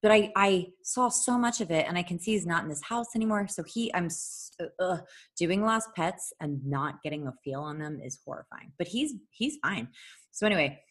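A woman telling a long story in casual chat, animated, swearing freely and laughing often. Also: lowish voice, normal speed.

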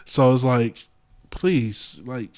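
A man's voice: medium pitch, very slow, darkish tone. Laid-back man in casual chat. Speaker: podcast co-host.

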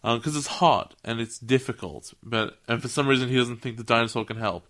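Animated man retelling scenes in a casual chat. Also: medium pitch. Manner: animated, acts out scenes in quick character voices. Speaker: podcast co-host. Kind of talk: casual chat reviewing an anime film.

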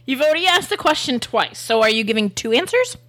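Bright teasing woman co-host. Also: high voice, sing-song, fast. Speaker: podcast co-host. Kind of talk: comedic casual chat.

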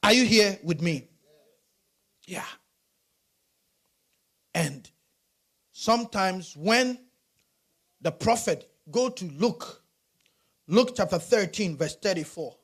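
A male pastor preaching a sermon, animated and rising to shouts. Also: high-pitched, takes it slowly, long pauses, breathy edge.

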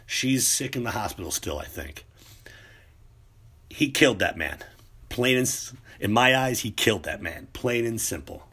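A man's voice: medium pitch, fairly bright tone, husky. A man ranting in a casual, profane monologue, rambling with many restarts.

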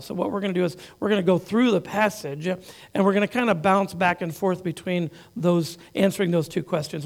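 A man preaching a sermon in a conversational way, with quick asides and repeated words. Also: sits high, vocal fry. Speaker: pastor.

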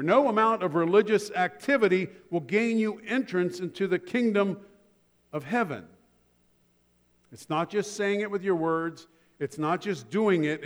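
Male pastor, sermon, conversational with humorous stories, slightly high voice, long church reverb. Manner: conversational preaching with humorous asides.

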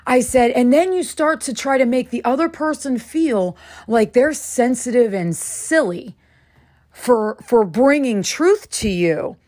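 A woman hosting a podcast, telling a personal story in a casual, animated way and acting out the dialogue. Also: fairly high pitch. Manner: animated, acts out dialogue with quick bursts. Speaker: podcast host.

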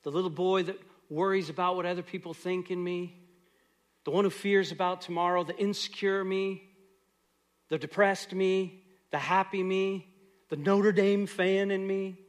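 A middle-aged male pastor delivers a sermon in a slightly raised voice. His preaching is earnest, swelling into loud exhortation and then sinking into soft, hushed prayer. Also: high voice, fairly even intonation, moderate pace.

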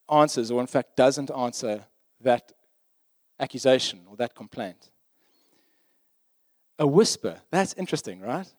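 A man's voice: on the high side, a little mellow, no room sound. A man preaching a sermon in a conversational, emphatic way, often checking in with his listeners.

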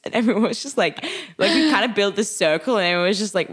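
A young woman from Germany co-hosting a podcast, telling stories in casual chat and acting out quotes with big pitch jumps. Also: expressive, fast, few pauses, breathy edge. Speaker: podcast co-host.

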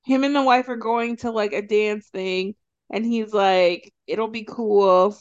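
A woman co-hosting a podcast, casually recapping a TV show and acting out the characters' lines in quick, animated storytelling. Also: medium pitch, smooth, dull audio. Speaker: podcast co-host.

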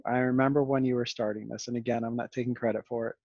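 Podcast host guy, halting, restarts a lot, dry sarcastic tone, dull lo-fi sound. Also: medium pitch, flat delivery, darkish tone, no echo. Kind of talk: casual conversation.

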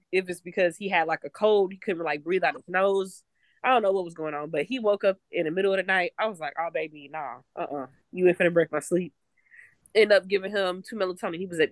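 Woman, casual podcast chat, rambling with restarts, dry close sound, mid pitch. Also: fast talker, no echo. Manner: rambling, many fillers and restarts. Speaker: podcast co-host.

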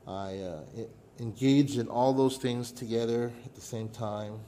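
A middle-aged man preaching a sermon, telling a personal story with dramatic pauses and sudden drops to a hush. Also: mid-range voice, slight background noise. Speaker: pastor.

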